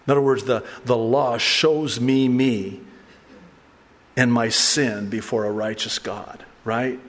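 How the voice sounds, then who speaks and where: A middle-aged male pastor giving a conversational, animated sermon with asides and laughter. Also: medium pitch, slow pace, in a large hall. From raised by an Arab mother.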